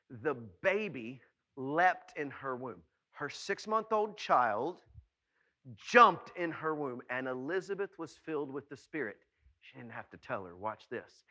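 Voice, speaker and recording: A man preaching a sermon, animated, often calling out questions to his listeners and acting out the voices of people in his story. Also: sits high.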